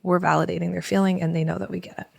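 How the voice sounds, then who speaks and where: A woman in her thirties, a parenting educator, explaining in a relaxed podcast conversation and acting out calm, soothing talk to a child. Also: lowish voice, very fast, creaky, no room sound, studio quality. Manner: acts out parent-child dialogues in a gentle soothing voice.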